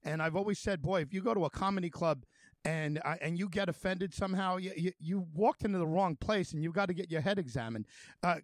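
High-voiced male radio host. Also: no room sound. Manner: rambling, halting with many fillers and restarts. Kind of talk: radio interview.

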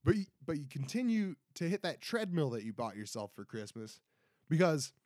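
A man in his twenties rants casually into a close podcast mic, rambling and poking fun at himself. His fairly high voice swings widely in pitch. The sound is dry, with no room echo. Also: sing-song, normal speed, darkish tone. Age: 20s. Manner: rambling, self-deprecating, frequent restarts and "right?". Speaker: podcast host. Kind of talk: casual solo podcast rant.

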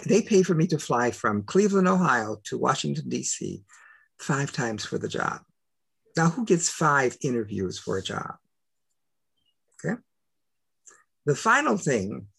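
An older man telling personal stories as an interview guest, emphatic and full of rhetorical questions, with a gravelly voice. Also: mid-range voice, a bit bright. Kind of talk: animated personal storytelling.

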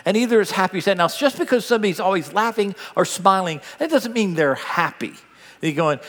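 An older man preaching a sermon, telling stories with big swings between loud bursts and hushed asides. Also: sits high, big pitch swings, a little fast. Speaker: pastor. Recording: long hall reverb.

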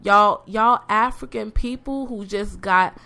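A woman's voice: mid-range voice, slow, sharp tone. A woman hosting a casual podcast, speaking in an impassioned, preaching way and addressing listeners over and over. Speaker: podcast host.

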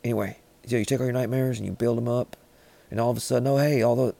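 A man in rambling, deadpan comedic banter, riffing with frequent restarts. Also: mid-range voice, fast talker, creaky, no echo.

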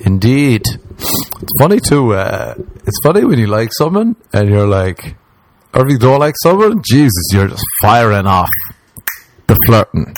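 A man's voice: mid-range voice, very animated, unhurried. A young Irish man hosting a comedy podcast alone, rambling jokily and slipping into mocking voices. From Ireland. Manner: rambling, jokey, jumps into mocking put-on voices. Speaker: podcast host. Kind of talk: comedic solo podcast monologue.

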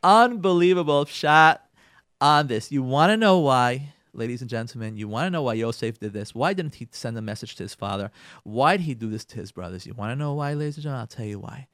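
Animated man retelling a Torah story. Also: medium pitch, fairly quick, no room sound, clean studio sound. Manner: dramatic storyteller, addresses "ladies and gentlemen", acts out dialogue; repeats and restarts phrases for emphasis. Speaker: radio Torah speaker.

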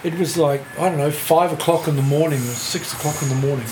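An older New Zealand man, a music writer guesting on a podcast, tells a rambling anecdote, laughing through it and swearing freely. He talks fast in a fairly high, darkish voice with a steady tone. The room is echoey, with a faint hiss.

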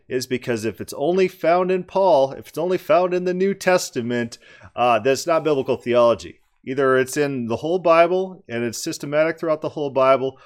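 A man giving critical commentary on a debate clip, emphatic and argumentative, repeating words for stress. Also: mid-range voice.

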